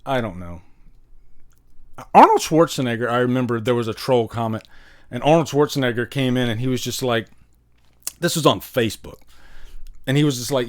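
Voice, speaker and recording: A man hosts a casual livestream from a home room filled with vinyl records, greeting chat viewers by name and rambling from topic to topic. His voice is medium-pitched, his pace moderate, and he pauses often.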